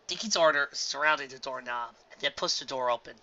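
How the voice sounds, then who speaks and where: A woman reading a story aloud as narrator, with animated, expressive narration. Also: extremely low pitch, fairly quick. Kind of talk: audiobook reading of fan fiction. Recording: dull lo-fi home recording.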